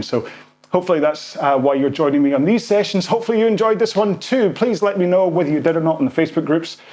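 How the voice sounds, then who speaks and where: A man's voice: fairly high pitch, a little mellow. A man coaching a follow-along rowing workout while rowing himself, out of breath, counting strokes and encouraging.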